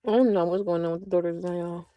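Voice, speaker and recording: A woman's voice: lowish voice, steady tone, fast, highs cut off. A woman livestreaming in a casual chat, drawling and talking back to her viewers.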